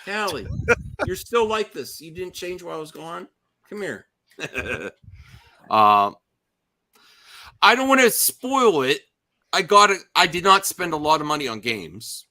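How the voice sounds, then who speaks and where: Bright lively guy hosting a stream chat, rambly, laughs a lot. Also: fairly high pitch, unhurried, pauses often. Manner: laughs often, rambling with restarts. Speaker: stream host. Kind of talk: casual group chat on a livestream.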